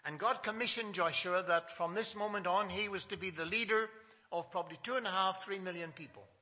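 A male pastor preaching a Sunday sermon to his small congregation, reading scripture with emphasis and asking questions, swinging from loud to soft. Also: sits high, a little fast.

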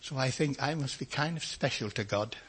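An older man preaching his own testimony, with a husky, slightly breathy voice. He tells his story in a folksy way and slips into other people's voices as he goes. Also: mid-range voice, brisk, fairly bright tone. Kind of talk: testimony sermon.

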